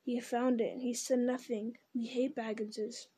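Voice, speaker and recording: A pitiful, greedy male creature bickers with himself in a whining, wheedling murmur, put on by a woman reading a storybook. The voice sits a little high yet dark and mellow in tone. It stays narrow in its rise and fall. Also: little pitch movement, unhurried, slightly rough. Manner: whining, wheedling, hissing repetitions. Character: wretched creature, male, split into two bickering selves.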